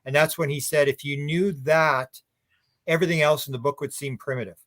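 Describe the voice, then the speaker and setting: Male guest, higher-pitched man, rambling anecdotal talker. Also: steady tone, brisk, a bit bright. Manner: rambling, anecdotal, many restarts. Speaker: UFO researcher guest. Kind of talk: casual radio interview chat.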